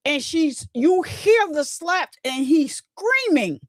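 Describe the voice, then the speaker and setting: A woman's voice: sits high, expressive, slow, hardly any pauses, no echo. A woman hosting a casual commentary livestream, chatting along and bleeping her own swear words.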